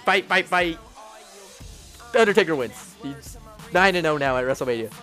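A man's voice: fairly high pitch, animated, moderate pace, a bit bright, faint music behind. A man hosting a casual podcast, rambling through stories and acting out quotes with frequent laughs. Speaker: podcast host. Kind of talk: casual wrestling chat.

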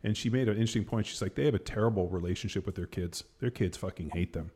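A man's voice: lowish voice, quick pace, mellow, breathy edge. A man in his forties telling a story in casual chat, rambling with lots of fillers and blunt swearing.

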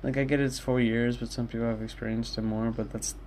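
A man's voice: mid-range voice, flat delivery, fairly quick, darkish tone, slight background noise. Young man rambling candidly. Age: young adult. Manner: rambling, candid, swears often. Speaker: podcast host. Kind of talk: casual solo monologue. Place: his own room.

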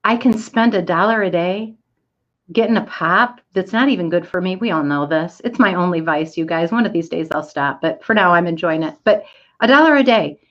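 A woman's voice: lowish voice, a little fast, a bit bright, lo-fi sound. A middle-aged woman giving an inspirational storytelling talk to an online audience, candid and self-deprecating.

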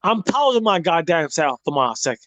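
A man's voice: a little high, sing-song, brisk, fairly bright tone. A man with a British accent hosting a call-in live stream, swearing and joking in rowdy banter. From England. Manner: profane, joking, mock-aggressive.

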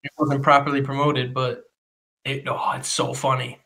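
A man's voice: medium pitch, little pitch movement, normal speed, pushed and bright. A man chatting casually as a podcast co-host, laid-back and teasing his friend, laughing often. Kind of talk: casual chat.

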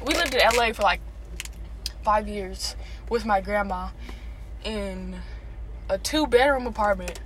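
A woman's voice: medium pitch, unhurried, pauses often, fairly bright tone, a little hiss or hum. A young woman co-hosting a podcast among friends, telling stories in a rambling, filler-heavy way. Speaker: podcast co-host. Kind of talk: casual chat among friends.

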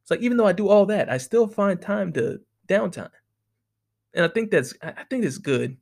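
A man's voice: high voice, expressive, moderate pace, gravelly, darkish tone. A young man talking casually to the camera in a rambling, profane monologue, often laughing. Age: young adult. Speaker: vlogger.

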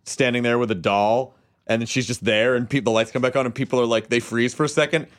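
A man, a podcast co-host, retelling something with excitement in casual chat, swearing now and then. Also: mid-range voice, fast.

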